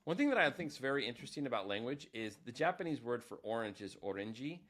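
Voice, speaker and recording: A man's voice: mid-range voice, very animated, quick pace, fairly bright tone. A man, a teacher, giving a casual screen-recorded tutorial, chatty and self-deprecating, thinking aloud as he goes.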